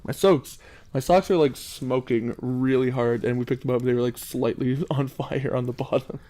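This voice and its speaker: A man's voice: medium pitch, fairly even intonation, moderate pace, warm tone. A young man with a slight lisp, co-hosting a podcast and telling stories in casual chat. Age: young adult. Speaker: podcast co-host.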